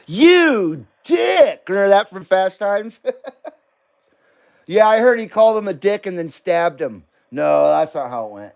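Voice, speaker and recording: A man's voice: high-pitched, moderate pace, vocal fry, a little mellow, clean tone. A middle-aged man hosting a live stream, chatting casually, joking and laughing often as he reads comments.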